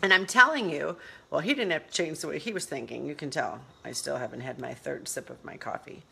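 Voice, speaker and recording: Middle-aged woman, lively motivational vlogger, chats on the move with her phone, laughs a lot, acts out quotes big. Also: sits low, brisk, vocal fry, a little hiss or hum. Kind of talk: casual live-stream talk.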